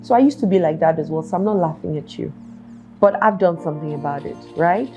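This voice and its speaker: A woman's voice: lowish voice, animated, quick pace, warm tone, soft background music. A woman hosting a self-help talk show, earnestly asking her listeners one rhetorical question after another. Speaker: podcast host.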